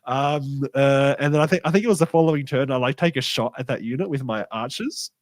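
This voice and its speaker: A man's voice: medium pitch, fairly quick, no echo. A man co-hosting a podcast, telling a tabletop game story and acting out the quoted lines. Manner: animated, acts out quoted dialogue. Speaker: podcast co-host. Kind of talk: casual chat, storytelling.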